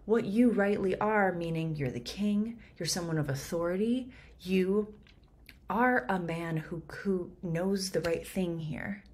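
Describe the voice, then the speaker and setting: Lower-voiced woman, chatty explainer. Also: takes it slowly, husky. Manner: lively, chatty, breaks into laughs. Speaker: actor teaching Shakespeare. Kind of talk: explaining a scene line by line.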